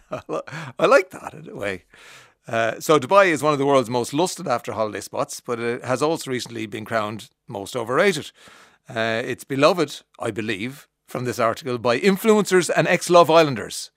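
Irish man, radio host, chatty and wry, middle pitch, dry close studio sound. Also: animated, moderate pace, vocal fry, fairly bright tone, dry recording. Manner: chatty, wry, musing with frequent "uh"s and self-amused asides. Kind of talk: casual radio monologue. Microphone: studio microphone.

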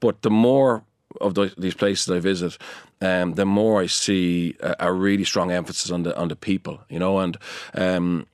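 A man with a deep, low voice talks as a guest in an interview. He is animated and keen, stumbling into restarts and fillers as his thoughts run ahead. The sound is close and dry, with no room around it. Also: moderate pace, no echo. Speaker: guest, performance consultant. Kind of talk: conversational interview.

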